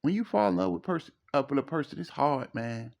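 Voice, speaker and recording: A man's voice: on the high side, lively intonation, fairly quick, gravelly. A middle-aged man, giving preachy, emphatic relationship advice in a casual monologue and repeating his phrases. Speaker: relationship commentator.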